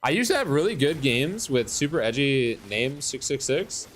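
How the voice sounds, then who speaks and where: A man's voice: mid-range voice, sing-song, moderate pace, a bit bright, a little hiss or hum. A young man streaming a competitive game and commenting live, frustrated, swearing and ranting about his teammates.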